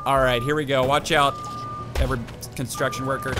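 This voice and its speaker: A young man giving excited let's-play commentary on a game, with sudden loud outbursts and gasps. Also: medium pitch, fairly quick. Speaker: gaming YouTuber. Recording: game music behind the voice. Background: game music.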